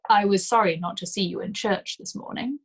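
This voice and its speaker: A stiff village priest with a flat, grave delivery, read by a woman. His tone stays earnest and stern. The voice is a little husky and breathy. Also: medium pitch, brisk, close to an everyday voice.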